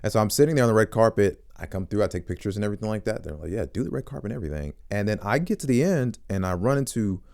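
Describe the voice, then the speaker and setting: Young man, low voice, very lively pitch, animated storytelling, casual interview. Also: racing, few pauses. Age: young adult. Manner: animated, acts out quotes in high squeaky voices. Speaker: voice actor guest.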